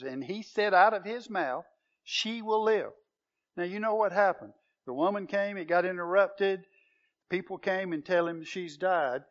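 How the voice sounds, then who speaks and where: A man preaching a sermon to a congregation, earnest and questioning, building to emphatic proclamation. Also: high voice. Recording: dull lo-fi sound.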